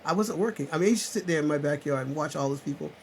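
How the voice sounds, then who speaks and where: A man's voice: fairly high pitch, very fast, creaky, rough recording. Man from South Carolina hosting a live chat from his home computer, rambling and preachy, raised voice, fair hiss. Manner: rambling, swings from loud insistence to muttered asides. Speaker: channel host on a live chat. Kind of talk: rambling preachy livestream talk. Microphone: computer webcam mic.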